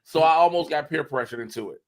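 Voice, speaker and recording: A man hosting a casual livestream talk show, an animated storyteller who acts out quoted dialogue. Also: on the high side, quick pace. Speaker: host.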